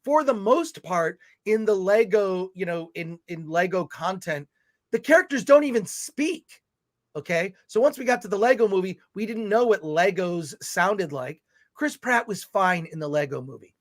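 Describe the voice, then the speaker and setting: Ranting livestream co-host, male, high voice, animated delivery. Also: normal speed. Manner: animated, ranting, reads viewer comments aloud. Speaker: podcast co-host reading chat. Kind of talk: livestream film chat, ranting.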